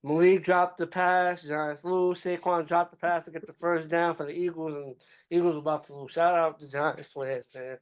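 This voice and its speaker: A man with a high voice needles players with dry, teasing shout-outs during casual sports banter on a podcast. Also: steady tone, moderate pace, hardly any pauses. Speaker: podcast co-host.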